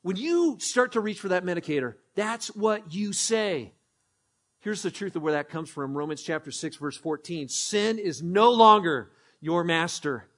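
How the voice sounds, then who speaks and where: A pastor preaches emphatically in a high, animated voice at a moderate pace. He repeats phrases, leads the congregation in call-and-response, and swings between hushed and ringing tones.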